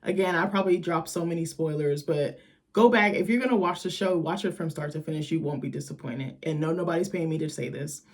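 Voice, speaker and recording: A young woman with a slightly low voice recaps a TV episode in a loose, casual way. She sounds a little tired from the late hour, yet she stays chatty and swears freely. She acts out the characters' lines as she retells each scene. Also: fairly quick. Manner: chatty, profane, animated retelling with quoted lines. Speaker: TV recap host.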